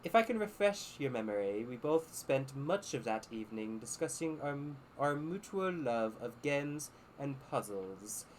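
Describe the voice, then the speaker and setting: Brief: a man doing a posh, genteel gentleman reading his own formal letter. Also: medium pitch, big pitch swings, measured pace, few pauses, slight background noise, low-quality recording.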